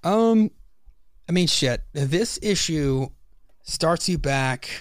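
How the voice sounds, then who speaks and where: A man's voice: a little high, lively intonation, extremely slow, dry recording. Casual man talking comics, dry sound. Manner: loose, swearing, retells scenes. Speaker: podcast co-host. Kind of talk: casual chat about comics.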